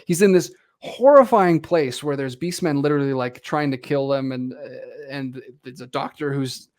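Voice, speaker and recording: A film podcast co-host chats casually, acting out characters' lines as he retells scenes. He has a medium-pitched, darkish voice at normal speed.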